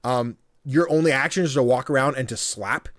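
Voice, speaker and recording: A man hosting a casual podcast, talking in an animated way, laughing often and acting out voices as he retells things. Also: medium pitch, fairly quick, no echo, clean studio sound. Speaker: podcast host.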